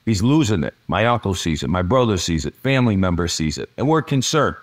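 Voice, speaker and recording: Guy on a podcast, kinda low voice, tells it blunt and dramatic. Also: big pitch swings, fairly quick. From Chicago, USA. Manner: blunt, dramatic retelling with rhetorical "okay?" asides. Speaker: podcast guest. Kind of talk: storytelling in a podcast interview.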